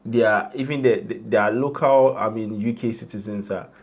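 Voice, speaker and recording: A man's voice: on the low side, normal speed. A man with a Ghanaian accent co-hosting a casual gossip chat, easygoing and rambling, who laughs often. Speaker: co-host.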